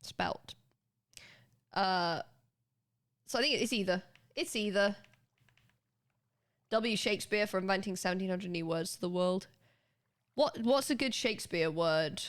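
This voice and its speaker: A woman's voice: medium pitch, a little slow, long pauses. Chatty British woman streamer. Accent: British English. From United Kingdom. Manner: chatty and animated, swears casually, laughs often. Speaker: livestreamer. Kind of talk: casual chat with stream chat.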